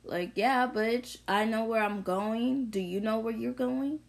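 A woman's voice: on the high side, a little slow, creaky. A young woman vlogger ranting bluntly through an unscripted monologue, full of profanity and confrontation. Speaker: vlogger sharing opinions.

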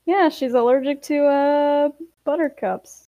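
A woman's voice: sits high, unhurried, mellow, no echo, highs cut off. A woman co-hosting a podcast, reading a story aloud and chatting, giggly and teasing. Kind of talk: casual story reading and chat.

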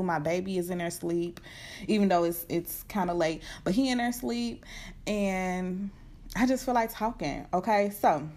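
A young woman hosting her podcast from home at night, chatting casually and excitedly with lots of fillers. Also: on the low side. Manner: chatty, animated, fast-talking with many fillers. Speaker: podcast host. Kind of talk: casual unscripted chat. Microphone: computer setup at home.

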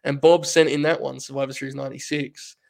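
A man hosting a podcast in casual chat, animated and swearing freely. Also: mid-range voice, fast talker, creaky. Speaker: podcast host.

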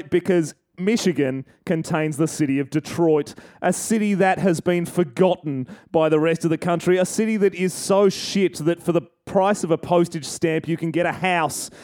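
High-voiced man ranting for laughs. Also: a little mellow. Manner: profane, mocking, builds to punchlines. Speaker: co-host. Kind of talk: comedic podcast rant.

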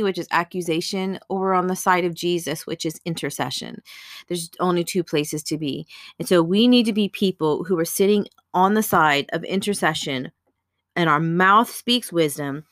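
Woman, devotional Bible teaching and prayer, earnest, chatty, lowish voice, dry sound. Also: moderate pace, fairly bright tone, no room sound. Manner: earnest, conversational, with casual fillers.

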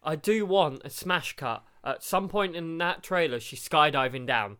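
A man with a smooth, clear voice, pitched a little high, chatting casually as a podcast co-host. He is blunt and opinionated, swears now and then, and has a lingering cough. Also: animated, a little slow, pushed and bright. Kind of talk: casual chat.

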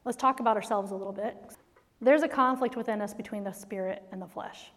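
A middle-aged woman speaking to an audience of mothers in a faith-based talk, telling stories in an animated way and laughing often. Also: mid-range voice, fairly quick. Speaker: speaker to moms. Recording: long hall reverb.

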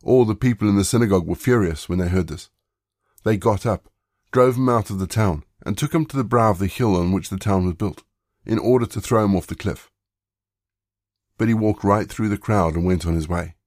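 Man leading a devotion, scripture reading, fairly low, dry close sound. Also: fairly quick, darkish tone, dry recording. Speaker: leader of a daily devotion.

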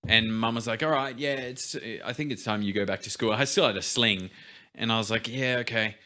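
A young man with a bright, forceful voice, talking casually on a podcast. He sits fairly low in pitch and tells his stories in a laid-back way, dropping quieter at the serious parts. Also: fairly even intonation, fairly quick. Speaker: podcast co-host.

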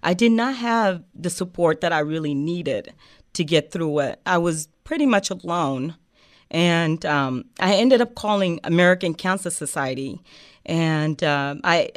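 A woman's voice: low-pitched, dry recording, studio quality. A woman from Africa, hosting a heartfelt interview show, earnest and emotional with many fillers. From West Africa. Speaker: show host.

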